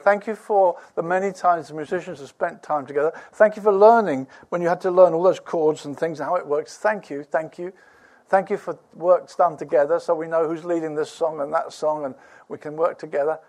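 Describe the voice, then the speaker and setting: A high-pitched man preaching a sermon. He swings from hushed, intimate asides to loud, punchy emphasis. He laughs often as he tells his stories. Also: a little fast. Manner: animated, dropping to near-whispers and rising to loud emphasis, laughs while preaching.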